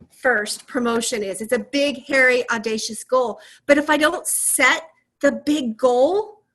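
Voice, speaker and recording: High, bright, energetic woman coaching a team. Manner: energetic and encouraging, asks the audience questions. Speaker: team leader coaching a sales team. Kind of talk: motivational training call.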